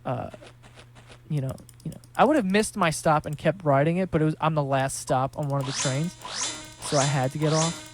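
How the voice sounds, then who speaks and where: A man's voice: fairly high pitch, fairly quick, faint music behind. A man casually telling a story while playing a game, laughing often and swearing freely. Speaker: gaming streamer.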